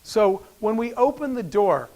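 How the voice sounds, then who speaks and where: A man's voice: sits high, big pitch swings, a little slow, vocal fry, darkish tone. A middle-aged man giving a keynote speech, telling a story and acting out the quoted dialogue, moved to the point of emotion. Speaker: keynote speaker.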